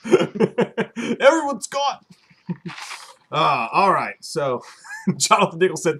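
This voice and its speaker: A man's voice: high voice, huge pitch swings, very slow, creaky, long pauses, sharp tone, a little hiss or hum. A man hosting a comedy podcast, talking in laid-back slang and laughing through casual banter. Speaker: podcast host.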